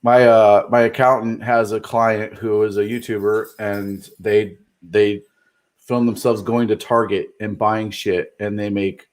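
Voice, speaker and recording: A man's voice: on the low side, little pitch movement, unhurried. A man co-hosting a podcast in loose casual chat, rambling and swearing, acting out quoted people as he tells stories. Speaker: podcast co-host.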